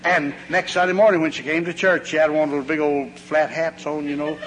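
With a fairly high pitch and a slightly fast delivery, this man preaches a folksy, homespun sermon, bringing his anecdotes to life by acting out the voices. The audio has long hall reverb and a faint hum.

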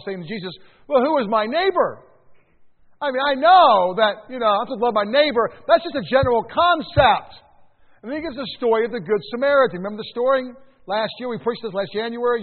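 An older man preaching a sermon as pastor, conversational, with emphatic rises and quiet drops. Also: high-pitched. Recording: tinny phone-like sound in a reverberant hall.

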